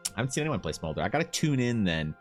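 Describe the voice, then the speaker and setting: A low-voiced man chatting on a live stream, teasing his viewers and jumping between quiet mutters and excited bursts. Faint music plays under his voice. He sounds close to a desk mic at home. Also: racing. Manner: joking, teasing chat with swings in pitch. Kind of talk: casual live-stream chat.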